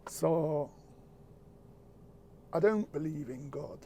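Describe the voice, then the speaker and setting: A man speaking earnestly in a reflective, casual chat, halting and repeating words as he goes, with the odd swear word. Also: fairly high pitch, dark tone, slight background noise.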